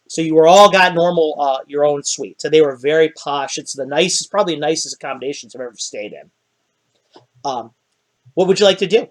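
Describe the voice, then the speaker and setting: A man's voice: a little high, a little fast. A man narrating a tabletop game as dungeon master, rambling with many fillers.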